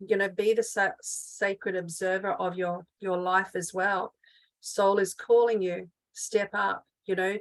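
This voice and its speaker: Middle-aged woman, healing coach, unscripted and earnest, rambles with many restarts, mid-pitched voice. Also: a bit bright, poor audio. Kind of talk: unscripted teaching monologue.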